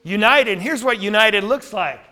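Guy leading a bible study, high bright voice, keeps quizzing the class. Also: expressive, moderate pace, faint music behind. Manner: asks the class questions and reads scripture aloud.

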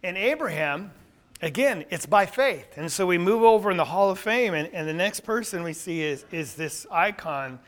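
A man's voice: high-pitched, moderate pace. A man preaching a sermon, asking the listeners questions and acting out what people say. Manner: animated, asks the congregation questions, acts out quotes.

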